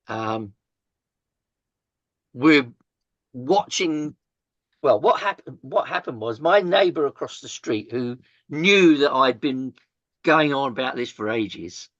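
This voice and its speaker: An older man, telling his story as an interview guest, halting with many fillers and restarts and the odd swear word. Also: medium pitch, a bit bright, no echo, highs cut off. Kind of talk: candid storytelling in conversation.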